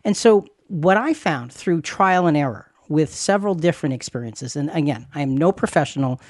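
A man's voice: a little high, animated, normal speed, dry recording. Male pastor, podcast host, earnest, reassuring, dry close mic. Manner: earnest, reassuring, repeats phrases for emphasis. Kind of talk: conversational Christian podcast teaching.

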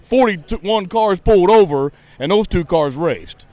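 A man's voice: sits high, animated, unhurried, darkish tone. Man ranting hotly with swearing. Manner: heated, profane, sarcastic ranting. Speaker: podcast host and outspoken racing fan. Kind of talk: casual ranting chat. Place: outdoors at a racetrack.

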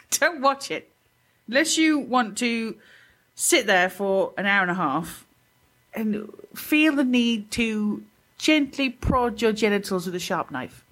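A British woman co-hosting a podcast, sarcastic and animated, laughing often. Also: on the high side, slow pace. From Britain. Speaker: podcast co-host. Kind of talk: casual banter.

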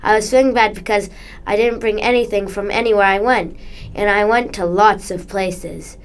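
A young girl reads her own children's story aloud, earnest and careful. Her voice sits in an ordinary middle pitch. The delivery is plain storytelling. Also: fairly even intonation, normal speed, clear, resonant tone. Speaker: student author reading own story.

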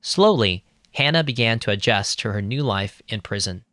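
A man hosting a podcast, reading scripted narration between interview clips in a measured tone. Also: lowish voice, expressive, fairly bright tone. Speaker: podcast host.

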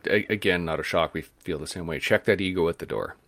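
A man's voice: low-pitched, fast talker, fairly bright tone, dry recording. A man, co-hosting a podcast interview, telling a story and acting out the voices of the people in it. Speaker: podcast co-host.

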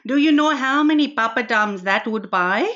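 A woman's voice: on the high side, expressive, moderate pace, pushed and bright, dull audio. A woman putting on a cheeky auntie. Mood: teasing. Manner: teasing, flirtatious, playful.

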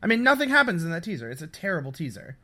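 A man with a bright, forceful voice co-hosts a casual podcast. He rambles in a dismissive tone and leans on "I mean" and "like" while he gathers his thoughts. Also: on the high side, wildly swooping pitch, rapid-fire. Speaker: podcast co-host.

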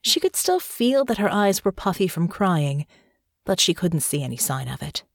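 Expressive woman narrating fiction. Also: lowish voice, moderate pace, creaky, dry recording, clean studio sound. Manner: expressive storytelling. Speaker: audiobook narrator.

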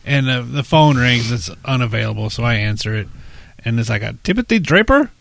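A man's voice: mid-range voice, steady tone, fairly quick, gravelly, no room sound. A man telling a crude, profane story in casual chat, acting out callers in raised voices. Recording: dry close mic.

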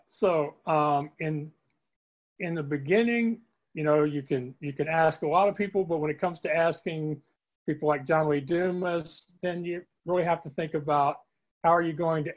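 A man with a somewhat high voice hosts a relaxed podcast chat and drops wry, joking comments. His audio comes through muffled and lo-fi, as if from a remote recording. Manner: joking, easygoing asides. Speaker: podcast host. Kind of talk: casual interview chat.

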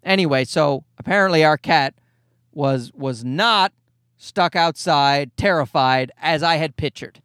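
A man's voice: fairly high pitch, unhurried, fairly bright tone, clear, resonant tone, dry recording, studio quality. A man in his thirties hosting a podcast, ranting in a casual comedic way, exasperated and profane, rambling with restarts. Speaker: podcast host.

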